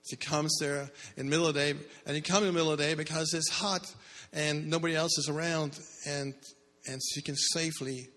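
Heard in a church hall with plenty of echo, this preacher's voice is a little high, level in tone, pushed and bright. He moves briskly with few pauses, quizzing the crowd with "how many" questions and building his sermon in bursts.

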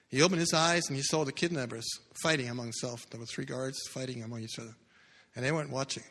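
A man preaching a sermon, telling a story with dramatic swings between loud bursts and hushed low lines. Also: steady tone, quick pace, hardly any pauses. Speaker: pastor. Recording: long hall reverb.

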